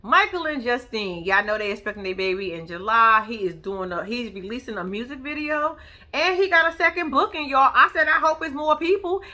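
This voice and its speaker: A woman's voice: sits high, bright, forceful tone. A woman hosting a casual reality TV recap, blunt, profane and sassy, talking straight to her viewers.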